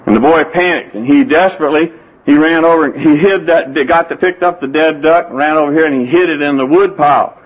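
A man's voice: on the high side, brisk, rough recording. A man preaching a sermon, telling folksy stories and quoting scripture. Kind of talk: sermon with anecdotes.

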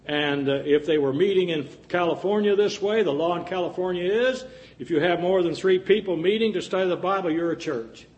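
A man's voice: high voice, brisk, darkish tone, dull audio. Man preaching a folksy sermon. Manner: earnest with folksy jokes and asides.

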